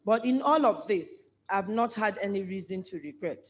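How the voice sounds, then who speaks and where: Tearful wife giving a speech. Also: female voice, mid-range voice, normal speed, hardly any pauses, in a large hall. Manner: warm, tearful, heartfelt. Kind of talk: heartfelt speech.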